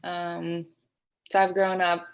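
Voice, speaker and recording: A woman's voice: lowish voice, completely flat delivery, slow, smooth, dull audio. A young woman, a student-athlete guest, speaking hesitantly in a casual interview with many fillers. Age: young adult.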